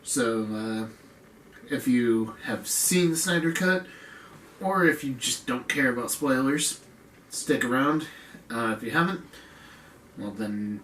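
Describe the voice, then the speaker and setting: A man's voice: medium pitch, animated, slow, long pauses, fairly bright tone. A man chatting casually as a podcast co-host, rambling and laid-back, filling his talk with "like". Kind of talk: casual chat. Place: room in a home. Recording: echoey room, distant mic, faint noise.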